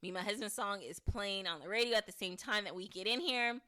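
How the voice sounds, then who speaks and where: Quick and mid-range, a woman's voice carries a casual podcast recap of an episode. She restarts as she thinks aloud, keeps the mood lively, and acts out what the characters say.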